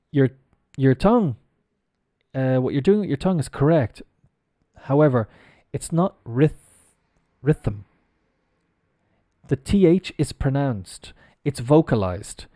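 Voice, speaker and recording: A man's voice: mid-range voice, expressive, a little slow, long pauses, dark tone, dry recording, clean studio sound. A middle-aged Irish man teaching English pronunciation on a live stream, explaining patiently and spelling words out letter by letter. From Ireland.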